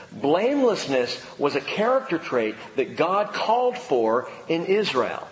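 A man's voice: a little high, very animated, moderate pace, hardly any pauses. A male pastor preaching a sermon in an emphatic style, fond of rhetorical questions. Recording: echoey hall, faint ambience.

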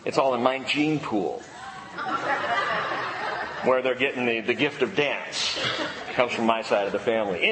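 A man preaching a sermon to a congregation, lively, stretching out key words for emphasis. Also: medium pitch, slight background noise. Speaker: pastor. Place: church sanctuary. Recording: long hall reverb, faint ambience.

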